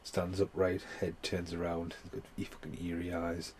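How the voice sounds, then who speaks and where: Deep-voiced man ranting about a film. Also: monotone, moderate pace, darkish tone, a little hiss or hum. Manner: swears a lot, rambling with many fillers. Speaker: movie reviewer. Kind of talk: casual rambling film review.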